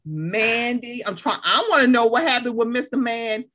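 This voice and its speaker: Animated woman giving playful shout-outs. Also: fairly high pitch, moderate pace. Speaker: podcast guest. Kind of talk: casual chat.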